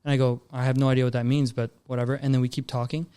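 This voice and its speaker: Fast-talking young man telling a story. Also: mid-range voice, little pitch movement, warm tone, smooth. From Canada. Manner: laid-back, calls people bro and dude. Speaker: guest filmmaker. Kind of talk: casual storytelling chat.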